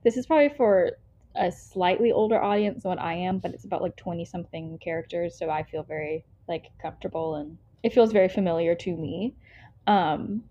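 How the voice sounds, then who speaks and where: A woman's voice: lowish voice, fairly quick, dark tone, slightly rough. A young American woman co-hosting a book podcast, chatting casually and rambling, with lots of fillers and self-interruptions. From United States. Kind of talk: casual book review chat. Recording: slightly dull lo-fi sound.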